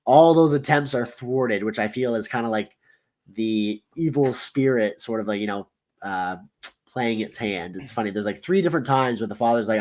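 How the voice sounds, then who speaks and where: A man with a low voice, giving a measured film analysis in casual podcast chat. He lays out details one by one and links them together. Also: darkish tone. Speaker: podcast panelist.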